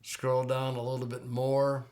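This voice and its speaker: A middle-aged man talking through a Greek text on his screen, like a teacher at his desk. He speaks casually and conversationally, repeating words and restarting his phrases, with a plain, mid-pitched voice. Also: monotone, a little slow, a little mellow.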